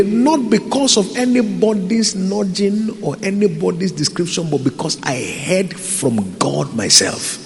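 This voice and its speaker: In a large hall full of long echo, a high-voiced man preaches a sermon as pastor, with slight background noise present. He is impassioned, alternating loud pleas with hushed asides and calling out to the people gathered.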